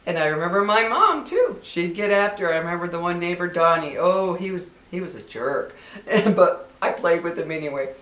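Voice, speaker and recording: A woman's voice: on the low side, expressive, normal speed, a bit bright, roomy sound. An older woman and grandmother chatting casually to her viewers, reminiscing and acting out the voices she quotes. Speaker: vlogger.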